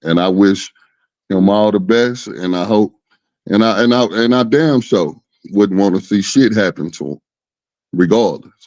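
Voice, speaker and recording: A man's voice: on the low side, a little slow, a little mellow, dry recording. A man calling in as a guest who talks hesitantly and guardedly, on dull lo-fi call audio. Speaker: guest caller. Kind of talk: casual call-in talk.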